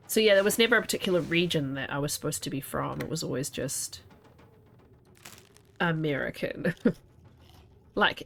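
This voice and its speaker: A woman's voice: sits low, vocal fry, a bit bright. A woman, chatting casually and laughing often while streaming a game. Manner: chatty, laughs often, wanders between asides. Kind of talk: casual gameplay commentary.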